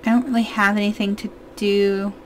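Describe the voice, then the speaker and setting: A woman in her twenties giving casual, excitable let's-play commentary as a gaming YouTuber, chatting to her viewers. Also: medium pitch, a little fast, slight background noise.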